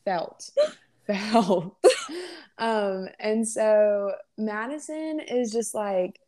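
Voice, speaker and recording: A woman's voice: medium pitch, extremely slow, warm tone. A young woman co-hosting a podcast in casual chat, talking with lots of fillers and acting out the voices of people she quotes. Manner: chatty, many fillers, acts out quoted voices. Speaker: podcast co-host.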